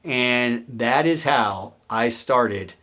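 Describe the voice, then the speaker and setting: A man hosting his own show, telling a story about his career in a casual, animated way and acting out the people he quotes. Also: medium pitch, extremely slow. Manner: animated, acts out quoted voices. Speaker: host.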